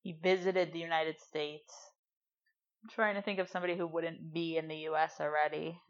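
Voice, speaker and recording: A woman's voice: low-pitched, steady tone, brisk, highs cut off. A woman co-hosting a trivia podcast, chatting and teasing casually while she answers questions. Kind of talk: casual chat.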